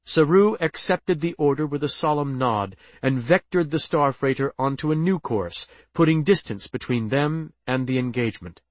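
A man giving steady, scripted audiobook narration. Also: medium pitch, normal speed, few pauses, no echo.

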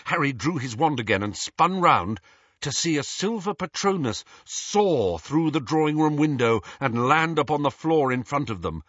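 Husky man narrating a story. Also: medium pitch, no room sound. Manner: expressive, measured storytelling. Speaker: audiobook narrator. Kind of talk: scripted narration. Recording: dull lo-fi audio.

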